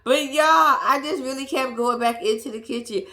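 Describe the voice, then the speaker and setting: Woman, vlogger, casual storytelling, animated, swearing, self-mocking, fairly high voice. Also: normal speed, slight background noise. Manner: animated, swears freely, laughs at herself.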